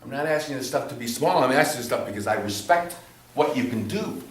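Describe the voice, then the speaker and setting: A man directing an actor in rehearsal, blunt and swearing, dropping low then pushing hard, recorded from across an echoey studio theatre. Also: animated, fairly quick. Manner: blunt, swearing, swings from quiet to loud pushing. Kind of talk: rehearsal coaching. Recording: echoey room from far off.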